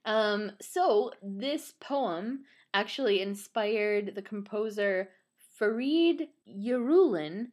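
A woman's voice: mid-range voice, lively intonation, slow. A woman in casual chat who reads a ballet synopsis aloud, often laughing and stumbling over unfamiliar names. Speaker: podcast co-host.

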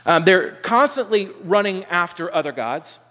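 A man's voice: high-pitched, lively intonation, moderate pace, bright, forceful tone. A man in his thirties preaching a sermon, earnest and conversational, often restarting his sentences. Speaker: pastor. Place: church sanctuary. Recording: long reverb of a large hall.

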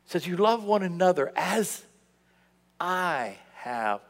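A man preaching with a lively, swooping delivery, his voice sitting a little high for a man. He jumps from loud outbursts to hushed asides. The sound carries a long reverb from the church around him. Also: takes it slowly, creaky. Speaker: pastor. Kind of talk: sermon. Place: church sanctuary.

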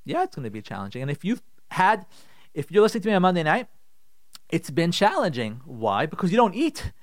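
A man's voice: fairly high pitch, huge pitch swings, brisk, dry recording, studio quality. A middle-aged man, a rabbi hosting a radio show, giving emphatic, repetitive advice and acting out the complaints he quotes. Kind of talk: animated radio advice talk.

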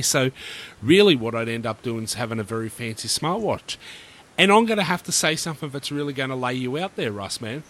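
A man's voice: medium pitch, a bit bright. Opinionated man, casual podcast. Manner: opinionated, laid-back, uses Aussie slang. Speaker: podcast co-host. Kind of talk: casual tech chat.

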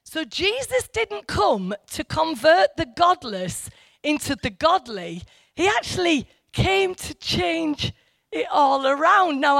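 Chatty high-voiced woman teaching Bible study. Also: a bit bright, no echo, studio quality. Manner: chatty, digressive, emphatic on key points. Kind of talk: informal Bible study talk.

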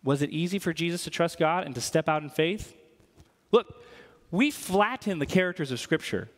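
A man's voice: fairly high pitch, lively intonation, moderate pace. A man preaching a sermon as a pastor. He talks in a casual, joking way and often checks in with "right?". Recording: long hall reverb.

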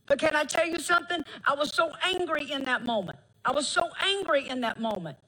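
A middle-aged woman preacher, delivering a folksy, emphatic sermon with drawn-out phrases and laughter. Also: high-pitched, lively intonation, bright, forceful tone, poor audio.

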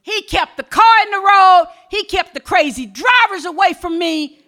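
A woman pastor delivers a sermon in a high, bright voice. She tells everyday stories softly, then rises to shouted exhortation. She sounds middle-aged and speaks with a preacher's call-and-response rhythm. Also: moderate pace. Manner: preaching with swings between soft storytelling and shouted exhortation.

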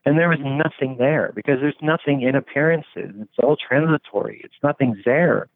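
A man in casual conversation, musing at length with lots of "like" and frequent swearing. His voice sounds thin and narrow, like it comes through a phone, and the sound is completely dry with no room around it. His pitch sits at an ordinary middle range. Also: moderate pace, no echo. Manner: rambling, philosophical, swears freely, many fillers.

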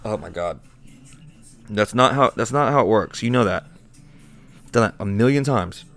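A man's voice: lowish voice, animated, normal speed, fairly bright tone. A man hosting an improvised comedy rant, talking in an exasperated, profane and irritable way.

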